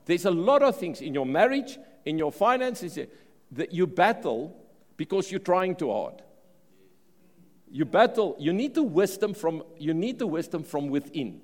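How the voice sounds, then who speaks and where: South African male preacher, fairly high voice, lively swooping delivery, sermon in a big echoing hall. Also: a little slow. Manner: animated preaching, repeats words and restarts phrases. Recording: long reverb of a large hall.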